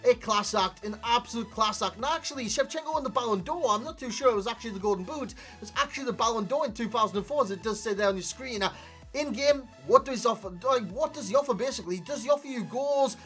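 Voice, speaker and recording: A man giving a chatty, animated video game player review, talking to viewers as lads, recorded as a desk mic voice-over. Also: extremely high pitch, fast, soft background music. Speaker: gaming YouTuber.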